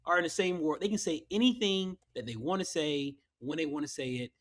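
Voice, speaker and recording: A man co-hosting a podcast in casual chat, excitable and conversational. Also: a little high, brisk. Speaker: podcast co-host.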